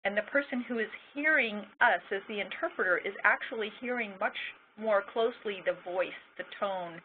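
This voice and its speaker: A woman's voice: medium pitch, normal speed. A woman giving an encouraging, casual training lecture to interpreters. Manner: warm-hearted, encouraging, casual with fillers. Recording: tinny phone-like line with faint noise.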